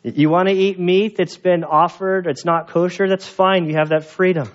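A man preaching a sermon as pastor, telling stories in an animated way and acting out the voices of the people in them. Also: sits high, moderate pace, dull audio. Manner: animated storyteller, acts out quoted voices. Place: church.

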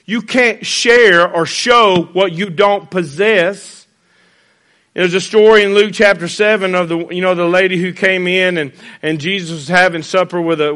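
Bright-voiced preacher, folksy and fervent. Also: male voice, on the high side. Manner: folksy, builds to fervent emphasis. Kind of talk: sermon.

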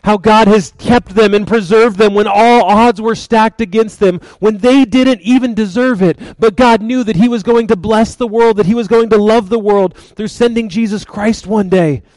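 Man preaching, high voice, dry close sound, animated conversational storytelling. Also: normal speed, few pauses, no echo, low-quality recording. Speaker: pastor. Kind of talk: sermon.

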